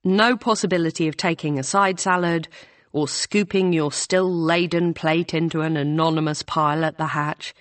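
Measured low-voiced woman narrating a novel. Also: fairly even intonation, no room sound. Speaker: audiobook narrator. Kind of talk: scripted narration.

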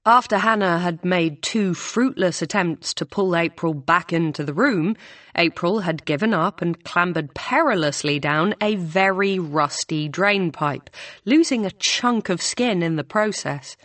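A woman reading a novel aloud in an even, measured storytelling manner. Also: fairly low pitch, dry recording. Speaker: audiobook narrator. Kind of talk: scripted narration.

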